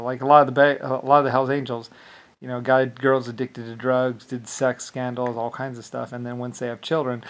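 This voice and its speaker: A man's voice: medium pitch, flat delivery, brisk. A man delivering a rambling solo monologue, dismissive and profane, with lots of filler words. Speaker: channel host.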